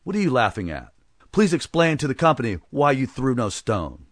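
A man's voice: fairly low pitch, sing-song, fairly quick, a bit bright, dry recording, studio quality, full character voice. A man voicing a big, blustering village blacksmith who raises his voice to accuse and threaten in a storybook reading. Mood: accusing.

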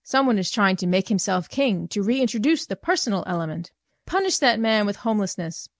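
A woman voicing an angry crowd with a fervent, shouting manner. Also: medium pitch, expressive, brisk, no echo, studio quality, lightly acted. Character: angry crowd calling for revenge.

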